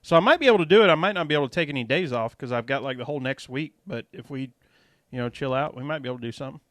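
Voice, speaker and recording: A man co-hosting a casual podcast, speaking in a relaxed way with some hesitation. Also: medium pitch, racing, dry recording. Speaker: podcast co-host. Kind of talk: casual chat.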